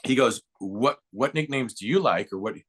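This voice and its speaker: A podcast guest in his fifties, a baseball broadcaster who used to play, relates a long anecdote in a laid-back interview manner at moderate speed. He talks at a normal middle pitch that jumps up with excitement, slipping into impressions of whoever he's quoting.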